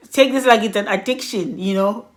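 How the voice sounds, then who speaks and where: A middle-aged woman giving candid, reflective personal advice in a vlog, laughing softly between points. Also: medium pitch. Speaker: vlogger.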